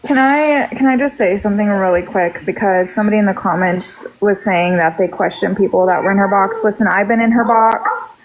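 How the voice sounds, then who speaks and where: A woman, a former chat moderator, in heated casual chat on a group livestream, earnest and halting as she repeats herself. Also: mid-range voice, poor audio.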